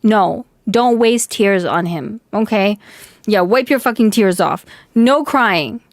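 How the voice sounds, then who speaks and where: A young woman streamer venting in casual live chat, talking fast with lots of "like", her voice a bit hoarse from yelling. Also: medium pitch, animated, no room sound, clean studio sound.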